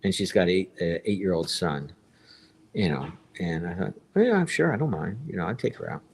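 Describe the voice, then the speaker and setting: A man's voice: sits low, a little fast, vocal fry, husky. A man in his fifties telling a long personal story on a live stream, rambling and circling back to repeat himself.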